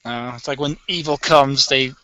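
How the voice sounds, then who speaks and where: A man's voice: mid-range voice, steady tone, moderate pace, sharp tone. A young man in casual chat with friends, joking and rambling with lots of fillers. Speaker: animation collaborator.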